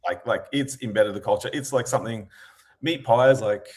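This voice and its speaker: An Australian man co-hosting a sports podcast over a call, talking in a playful, animated way and laughing often. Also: medium pitch, fairly quick. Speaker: podcast co-host. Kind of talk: casual sports podcast chat.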